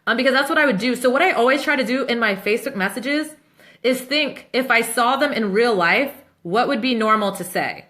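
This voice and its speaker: A woman in her thirties, a business coach answering questions in a casual live Q&A, chatty and upbeat and quick to laugh. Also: on the high side, sharp tone. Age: 30s.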